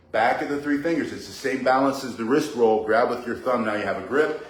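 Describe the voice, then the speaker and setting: Chatty male martial arts teacher, joking digressions, roomy indoor echo. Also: mid-range voice. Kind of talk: live online bo staff lesson. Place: indoor room with a ceiling. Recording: echoey indoor room.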